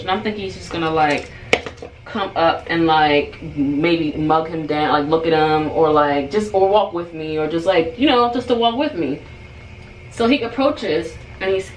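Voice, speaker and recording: A young woman vlogger casually telling a story while doing her hair, rambling and peppering her talk with "like". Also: fairly low pitch. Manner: chatty, rambling, full of "like". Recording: roomy room with faint noise.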